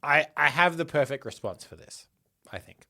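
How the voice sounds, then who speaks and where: A man's voice: fairly high pitch, animated, moderate pace, creaky, sharp tone. A man co-hosting a casual podcast, making dry joking asides. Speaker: podcast co-host.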